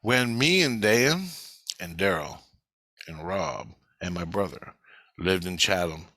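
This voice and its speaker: A man's voice: sits low, animated, slow pace, sharp tone, dry recording. A middle-aged man telling a rambling, profane story from his childhood in a casual spoken way.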